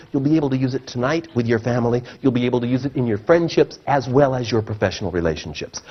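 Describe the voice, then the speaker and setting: A man giving a seminar talk to a live audience, animated and acting out the voices he quotes. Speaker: motivational speaker. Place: seminar room. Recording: muffled low-fidelity recording.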